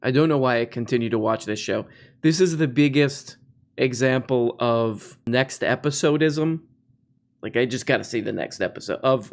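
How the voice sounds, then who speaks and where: A man's voice: medium pitch, gravelly. Male podcast host, sarcastic, mocking tone, casual riffing, mid-range voice. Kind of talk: casual comedic commentary.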